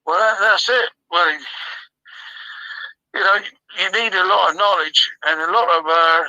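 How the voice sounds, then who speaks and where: Bright man spinning tall tales. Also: sits high, fairly even intonation, unhurried, no room sound, muffled recording. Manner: rambling tall tales told matter-of-factly. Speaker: comedy guest. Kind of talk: absurd comedic storytelling.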